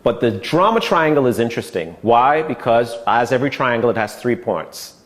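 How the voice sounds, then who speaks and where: A man's voice: medium pitch, lively intonation, normal speed. A man teaching an online sales course in a casual, conversational way, often checking in with "okay" and acting out short quoted lines. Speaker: sales trainer.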